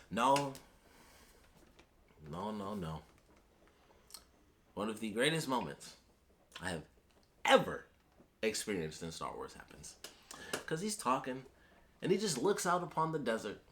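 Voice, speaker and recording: A man with a fairly low voice reviews a show in loose, casual talk. He rambles, trails off and restarts, and he swears now and then when he gets worked up. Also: a bit bright. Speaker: YouTube reviewer.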